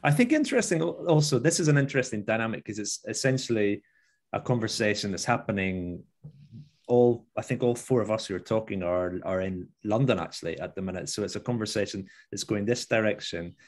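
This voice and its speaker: A man leads a panel conversation, speaking in a reflective way as he works through his thoughts out loud. His voice sits somewhat low, and he builds on the other speaker's points in an easy, considered manner. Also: lively intonation, a little fast. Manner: reflective, thinking aloud. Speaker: panel moderator.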